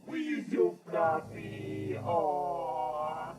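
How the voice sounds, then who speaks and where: A man's voice: a little high, very animated, drawn-out words, low-quality recording. A male streamer cooing and gushing in baby talk to his pet dog. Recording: music playing loudly behind.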